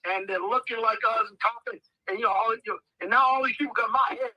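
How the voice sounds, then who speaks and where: At a quick pace and an extremely high pitch, an American podcast guest in his 50s animatedly acts out the voices in his casual stories. The sound is lo-fi, with no room sound.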